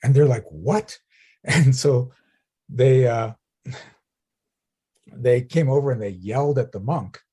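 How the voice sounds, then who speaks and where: Warm, husky male business coach. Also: medium pitch, takes it slowly, pauses often. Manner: storytelling, asks "right?" often. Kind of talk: coaching session.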